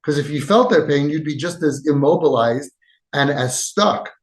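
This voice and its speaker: A man hosting a parenting podcast, giving impassioned advice with shifts between loud and soft and acting out quoted lines. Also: on the high side, normal speed. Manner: emphatic, acts out quoted dialogue, swings between loud and soft. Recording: echoey room.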